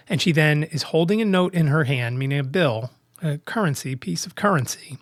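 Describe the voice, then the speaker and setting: A man's voice: on the high side, brisk, no room sound, clean studio sound. A man hosting his own podcast, telling a story in a casual monologue and acting out both sides of the dialogue. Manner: animated when quoting dialogue, frequent restarts. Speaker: podcast host.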